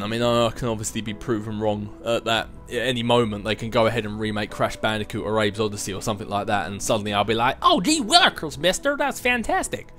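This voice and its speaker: A man's voice: fairly low pitch, fairly bright tone. Chatty young man. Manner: rambling, chatty, with frequent fillers and self-mocking asides. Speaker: channel host answering viewer questions. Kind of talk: casual chat.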